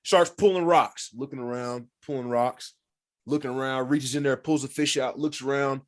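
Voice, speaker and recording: A man's voice: mid-range voice, moderate pace. Guy on a podcast telling a fishing story, all fired up, cussing, acts out the quotes. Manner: animated, swears freely, acts out quotes. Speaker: podcast guest, former pro football player. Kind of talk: casual storytelling.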